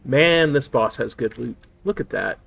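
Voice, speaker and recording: A man's voice: mid-range voice, lively intonation, a little slow, gravelly, a bit bright. A man streaming a game, chatting casually with viewers, with a slight lisp from a sore tongue. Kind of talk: casual live-stream chat.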